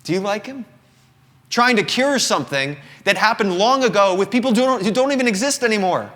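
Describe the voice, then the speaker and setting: Before an audience in an indoor company showroom, a thirty-something singer-songwriter from the American South speaks in an earnest, reflective, confessional way. His high, slightly bright voice has lively intonation and a fairly quick pace, and long live-room reverb surrounds it.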